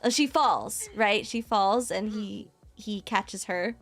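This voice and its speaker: A woman co-hosting a casual podcast, recapping an anime episode in a rambling, excitable way and laughing often. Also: medium pitch, takes it slowly, faint music behind. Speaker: podcast co-host.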